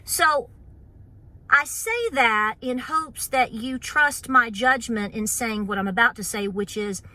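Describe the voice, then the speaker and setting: A woman's voice: fairly high pitch, animated, slow, bright, forceful tone. A woman with an Appalachian accent, hosting her homestead channel and chatting casually to camera, full of fillers and playful mock voices.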